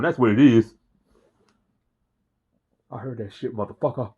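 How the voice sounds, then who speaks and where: A man talking straight to camera in a relaxed, enthusiastic vlog. He rambles and repeats himself with a mid-pitched voice. The recording is dull and lo-fi. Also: measured pace, breathy edge. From Philadelphia. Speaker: host. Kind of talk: casual vlog monologue.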